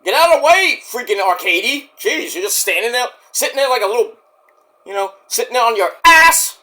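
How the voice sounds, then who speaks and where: A man's voice: extremely high pitch, fairly quick. A man casually reviewing a wrestling show as he watches, swearing and acting out the wrestlers' lines. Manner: excitable, swears, mimics wrestlers' promos. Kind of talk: casual live-watch commentary.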